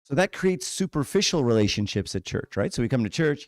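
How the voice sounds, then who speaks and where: A man giving a frank, conversational church talk, frequently tossing "right?" and "okay?" to the room. His voice sits at an ordinary middle pitch. The sound is dry and close. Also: sing-song, brisk, no room sound. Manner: casual, frank, uses many rhetorical "right?" and "okay?". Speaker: church speaker.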